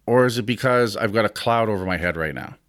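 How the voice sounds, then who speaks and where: A man in his fifties speaks in a fairly low voice, close and dry with no room sound. He talks as a podcast host giving casual motivational advice, blunt and frank with the odd swear word. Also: fast, fairly bright tone, dry recording. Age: 50s. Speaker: podcast host and gym owner.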